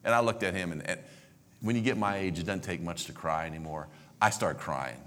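An older man in his sixties delivers a sermon as a personal story, his voice sitting a little low. He speaks with heartfelt sincerity, restarting and repeating phrases when moved. At times he drops to a soft, hushed near-whisper. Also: fairly quick. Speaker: pastor.

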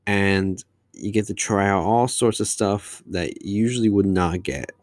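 Guy doing a solo podcast, kinda deep voice, dry, long-winded chatty rambling. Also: measured pace, no room sound. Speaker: podcast host. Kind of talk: casual solo monologue.

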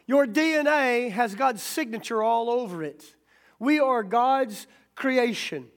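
A man preaching a sermon as pastor, plainspoken and folksy, swinging from quiet talk to sudden loud rises. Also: very high-pitched, animated, slow.

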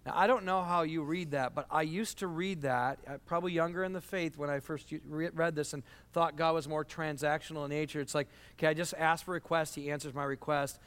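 A man preaching as a pastor, measured as he reads scripture aloud and explains it plainly. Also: fairly high pitch, fairly even intonation, fairly bright tone, clear, resonant tone. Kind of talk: sermon. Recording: long church hall reverb.

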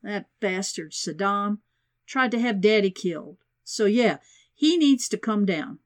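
A woman's voice: mid-range voice, animated, measured pace, natural voice. A woman reading the lines of a brash, petty male president who blusters and boasts. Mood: resentful.

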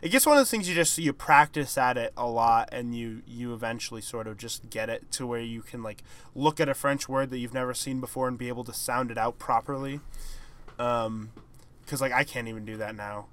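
A young man in easygoing podcast banter, his pitch sitting in the middle of the range. He hedges and rambles, and his sentences often trail off softly. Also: brisk. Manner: rambling, hedging, trailing off quietly. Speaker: podcast co-host. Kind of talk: casual chat.

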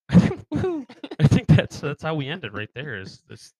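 A podcast co-host with a New York accent who laughs through his stories and swears freely. His pitch swings widely. The sound is dry, with no room echo. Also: wildly swooping pitch, darkish tone, breathy edge. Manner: laughs often, swears, quick comic impressions. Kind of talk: casual banter.

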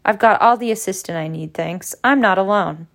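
A woman's voice: mid-range voice, moderate pace, vocal fry, natural voice. A woman reading aloud as a sulky, defiant teenage boy who jeers and snaps back. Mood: defiant, angry. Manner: angry, jeering and defiant.

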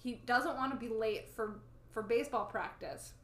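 A woman co-hosting a podcast, chatting casually and arguing back about a movie. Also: on the high side. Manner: chatty, animated, quick to argue back. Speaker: podcast co-host. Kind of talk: casual chat reviewing a movie. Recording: echoey room with faint background noise.

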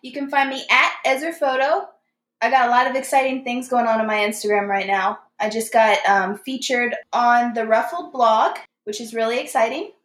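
A woman's voice: fairly high pitch, normal speed, a bit bright, reverberant. A woman, the podcast's producer, talking eagerly in casual chat. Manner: upbeat, eager.

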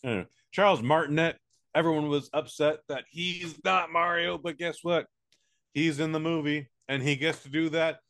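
An American man co-hosting a podcast, reviewing a movie in casual, profane chat with quick silly voices. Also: on the high side, steady tone, fairly bright tone. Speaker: podcast co-host.

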